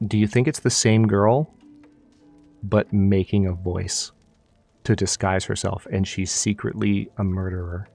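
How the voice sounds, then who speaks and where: A man's voice: lowish voice, fairly even intonation, measured pace, gravelly, darkish tone, faint music behind. A man streaming a game live, chatting casually and thanking viewers, often mimicking characters.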